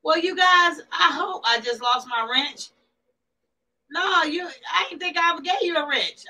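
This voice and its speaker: A woman hosting a casual livestream, chatting back to viewers' comments in an animated way. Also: extremely high pitch, a little slow, low-quality recording. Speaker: livestream host.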